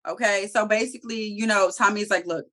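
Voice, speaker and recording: A woman co-hosting a review show in casual chat, talking in an animated, profane way and acting out characters' lines. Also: mid-range voice, a little fast. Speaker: TV review podcast co-host.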